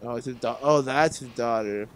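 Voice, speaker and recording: A young man hosting a reaction video, exclaiming loudly and swearing often in casual commentary. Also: mid-range voice, moderate pace. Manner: loud, excitable, profane exclamations.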